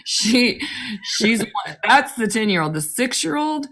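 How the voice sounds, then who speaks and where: A woman's voice: on the high side, big pitch swings, takes it slowly, fairly bright tone. A woman in her thirties co-hosting a podcast, telling candid family stories and swearing freely in casual chat. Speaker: podcast co-host.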